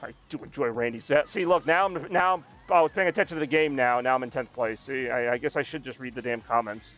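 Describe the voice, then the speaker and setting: Male streamer, mid-pitched, jokey and self-deprecating, chats while racing, faint game music underneath. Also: quick pace, a bit bright. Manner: self-deprecating, joking, rambling. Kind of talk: casual live-stream chat while playing.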